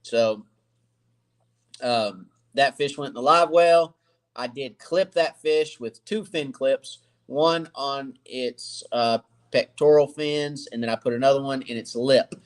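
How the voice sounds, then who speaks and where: A man's voice: medium pitch, slow. Easygoing man chatting on a live stream. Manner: rambling, easygoing, greets viewers by name. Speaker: fishing channel host. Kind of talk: casual live-stream chat. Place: cluttered home workshop.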